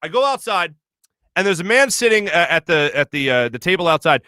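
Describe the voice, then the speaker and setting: A man's voice: fairly high pitch, very animated, a little fast, bright, forceful tone, smooth, dry recording, studio quality. A man in his thirties hosting a sports show, chatting loosely, laughing often and telling rambling stories. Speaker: sports radio host. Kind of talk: casual chat reading viewer comments. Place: studio.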